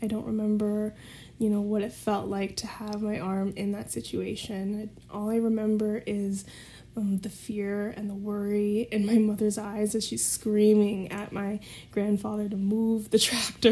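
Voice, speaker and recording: A woman's voice: mid-range voice, dark tone. A woman guest telling a personal story in a casual way, often laughing as she talks. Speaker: podcast guest.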